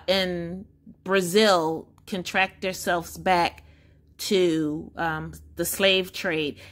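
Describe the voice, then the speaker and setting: A woman's voice: medium pitch, a bit bright. A woman vlogger chatting casually to camera, reading results aloud with asides.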